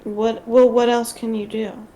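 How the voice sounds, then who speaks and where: Slow-talking high-voiced woman. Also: little pitch movement, dark tone. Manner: teasing, playful. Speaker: co-host on a game stream. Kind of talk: casual chat.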